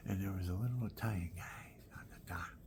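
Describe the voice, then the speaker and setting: Low gravelly guy rambling on about family stuff, keeps slipping into whispers, a bit of hiss behind. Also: fairly quick. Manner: drifts into soft whispered asides. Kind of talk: rambling personal storytelling.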